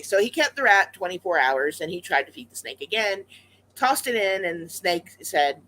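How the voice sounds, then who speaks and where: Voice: medium pitch, lively intonation, moderate pace, sharp tone, poor audio. A pet rat vlogger telling a story casually to the camera, rambling with lots of fillers and restarts. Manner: chatty and conversational.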